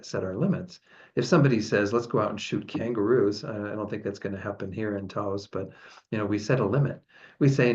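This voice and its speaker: A man, a Buddhist teacher, giving a relaxed, chatty dharma talk with frequent laughs. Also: lowish voice. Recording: dull lo-fi sound.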